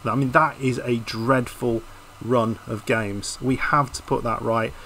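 A man's voice: medium pitch, steady tone, unhurried, a bit bright, slight background noise, rough recording. A man commentating casually over a football management video game, frustrated and hesitant, often restarting his sentences. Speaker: YouTube gaming host.

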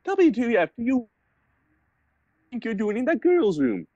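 A man putting on a shrill, melodramatic gothic teen girl voice over a dull, lo-fi voice call. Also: huge pitch swings, a little slow, darkish tone, husky, dry recording, heavily acted. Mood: mock outrage. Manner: shrieking, over-the-top mock outrage.

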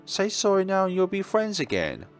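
A man's voice: sits high, wildly swooping pitch, normal speed, soft background music, voice pushed up. A man voicing a cheerful, bossy little girl in a horror game playthrough, talking in a bubbly, chirpy way.

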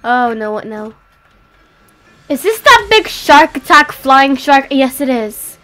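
A woman with a high, slow voice gives casual game commentary, exclaiming and crying out excitedly as she plays.

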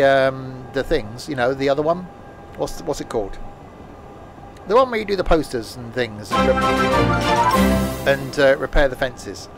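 A man's voice: medium pitch, gravelly. A man casually chatting while live-streaming a train game, rambling and joking to himself and his chat at a home desk mic.

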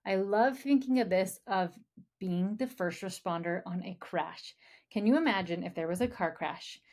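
A woman's voice: mid-range voice, normal speed, darkish tone. Woman parenting coach, podcast host, encouraging and friendly, talks straight to the listener. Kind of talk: podcast advice talk.

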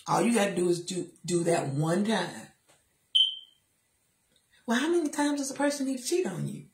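A middle-aged woman giving a faith-based motivational talk from a chair, emphatic and sassy, with lively asides to her listeners. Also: medium pitch, moderate pace, pauses often, reverberant. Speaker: motivational speaker. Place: seated in a chair.

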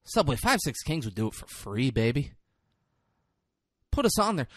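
A man's voice: mid-range voice, sing-song, moderate pace, fairly bright tone, no echo, clean studio sound. A man hosting a comedy podcast, ranting in a casual, profane, jokey way. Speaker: podcast host.

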